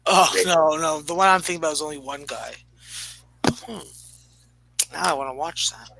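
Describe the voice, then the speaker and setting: A man's voice: on the high side, moderate pace, vocal fry, pushed and bright, poor audio. A man in his thirties ranting profanely in a casual podcast chat. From Canada. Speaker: podcast regular.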